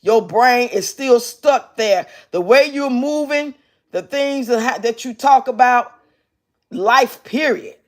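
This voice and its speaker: A woman hosting a livestream, giving blunt, profane commentary and reading her chat out loud. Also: fairly high pitch, slow. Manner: brash, profane, mocking. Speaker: livestream host reacting to clips.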